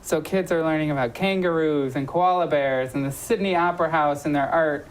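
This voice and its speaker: A woman with a low voice talks a little fast over poor audio while hosting a local talk show. The casual promotional chat is full of ums, restarts and self-corrections.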